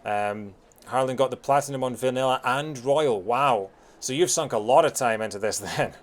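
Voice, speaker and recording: A man with a softened Scottish accent chats loosely with his stream viewers while he plays a game. He rambles a little and fills gaps with ums and uhs, at an everyday middle pitch. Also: moderate pace. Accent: Scottish, softened by years in England. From Scotland. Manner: chatty and rambling, many fillers, frequent laughter. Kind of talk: casual chat with viewers during a live game stream.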